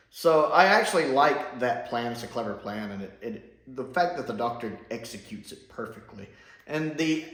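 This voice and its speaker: Guy rambling happily thru a show review, kinda echoey room, mid voice. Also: mid-range voice. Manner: rambling, enthusiastic, many fillers and restarts. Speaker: sci-fi reviewer. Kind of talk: casual spoken review. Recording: roomy echo.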